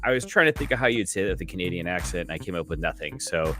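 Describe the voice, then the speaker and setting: Low-voiced rambling podcast co-host man. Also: lively intonation, rapid-fire, bright, forceful tone, faint music behind. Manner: rambling, self-deprecating. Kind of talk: casual beer-and-sports chat.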